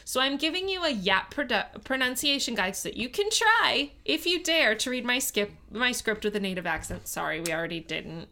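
A woman's voice: a little high, very animated, moderate pace, hardly any pauses, sharp tone. A woman co-hosting a casual podcast chat, playful and laughing at herself often. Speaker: podcast co-host.

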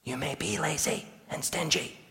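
A male pastor preaching a sermon, swinging between hushed lines and emphatic ones. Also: on the high side, normal speed, gravelly, in a large hall. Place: church sanctuary.

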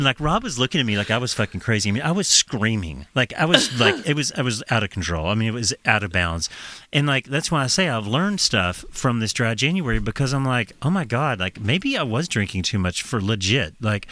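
A man casually telling a profane, animated story on a podcast, laughing as he goes. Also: mid-range voice, moderate pace.

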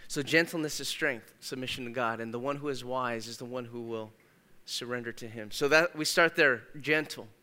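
Bright, clear-voiced male pastor preaching. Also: medium pitch, normal speed, long reverb tail. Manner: conversational, emphatic, shifts between loud and hushed. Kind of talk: sermon. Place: church sanctuary.

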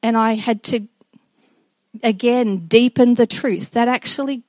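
A woman's voice: a little high, darkish tone, dry recording. Earnest woman giving a devotional talk. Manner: earnest and reflective, with halting restarts. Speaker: speaker addressing children and congregation.

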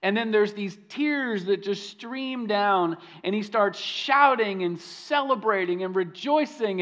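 A man's voice: high voice, slow, few pauses, fairly bright tone. A man preaching a sermon, telling stories in a conversational way with frequent restarts. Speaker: pastor.

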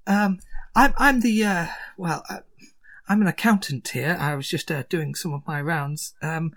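A man voicing an excitable, stammering female dwarf accountant in a tabletop game. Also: a little high, measured pace. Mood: flustered. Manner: stammering, gushing, breathless.

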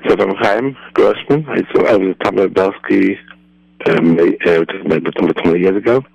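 A man's voice: deep voice, moderate pace, gravelly, darkish tone, dry recording. A man calling in to a radio show about his old teacher, hesitant and full of restarts. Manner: hesitant, many filler restarts. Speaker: caller, former student. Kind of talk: phone-in recollection. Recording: muffled dry phone line.

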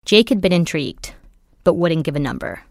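Wry lower-voiced woman narrating a podcast. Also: sing-song, fairly quick, creaky, no room sound. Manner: wry, dry humor. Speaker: podcast host. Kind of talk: scripted narration.

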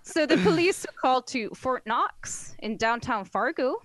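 A woman's voice: high voice, animated, measured pace, dry recording. A woman co-hosting a podcast in casual comedic chat, blunt and crude, laughing often. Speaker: podcast co-host.

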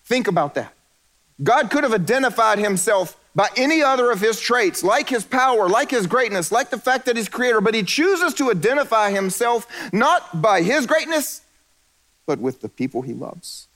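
A man preaching a sermon, animated and joking, who drops low and quiet for emphasis. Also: moderate pace. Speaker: pastor.

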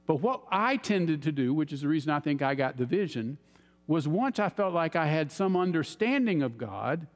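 A man preaching a sermon as an animated storyteller, acting out his own reactions. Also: fairly high pitch. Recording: long hall reverb.

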